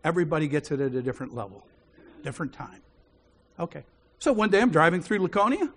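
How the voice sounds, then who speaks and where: A husky male preacher tells a personal story from the pulpit, chuckling often as he goes. His voice sits a little high and swings widely up and down, giving the telling a lively feel. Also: quick pace. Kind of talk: sermon storytelling.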